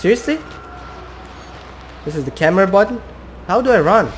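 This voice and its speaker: A man's voice: high voice, lively intonation, normal speed, slight background noise. A young man playing a horror game, talking to himself and his viewers, jumpy and swearing. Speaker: gamer.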